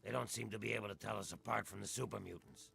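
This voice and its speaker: A man voicing a world-weary ghoul townsman in a video game, with a rough, drawling folksy voice. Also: fairly low pitch, fairly even intonation, fast talker, sharp tone, full character voice. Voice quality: gravelly, rough voice.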